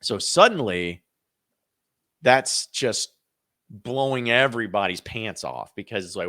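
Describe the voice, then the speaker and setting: A man hosts a sports podcast in a casual, animated way, slipping into quick imitations of fans and circling back to restart his thoughts. His voice sits a bit low. The sound is dry and close to the mic. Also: no room sound. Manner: animated, acts out fans' reactions; repeats and restarts phrases. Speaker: podcast host.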